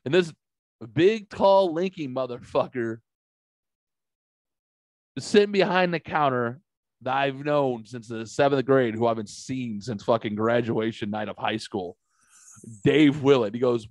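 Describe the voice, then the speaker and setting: Casual and laced with swearing, this storytelling comes from a middle-aged podcast host from the St. Louis area. His medium-pitched voice is a little slow, and the recording is dry.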